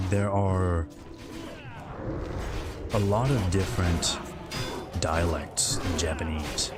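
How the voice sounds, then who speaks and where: A man from the Midwest with a slightly scratchy throat, chatting casually and a bit loudly into a close mic while streaming a game. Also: low-pitched, slow pace, pauses often, loud music behind the voice. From American Midwest. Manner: relaxed, rambling, talks a bit loud into the mic. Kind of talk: casual chat while gaming.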